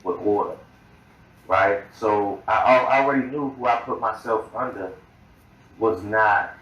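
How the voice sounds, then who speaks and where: Man, somewhat low voice, halting and repetitive; distant, roomy clip recording. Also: fairly bright tone, highs cut off. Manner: hesitant, repeats words, conversational. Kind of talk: speaking in a played video clip. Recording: echoey clip from far off with faint noise.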